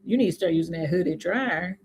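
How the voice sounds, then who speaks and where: A woman with a Southern US accent, chatting casually with viewers on a live stream, reading comments aloud and answering them with sudden high, laughing exclamations. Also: expressive, brisk, darkish tone, slight background noise. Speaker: YouTube host answering live chat.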